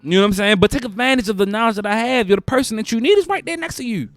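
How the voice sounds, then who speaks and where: A man's voice: high-pitched, expressive, very fast, fairly bright tone, no room sound, soft background music. A male host giving advice in a casual, preachy monologue, repeating phrases for emphasis.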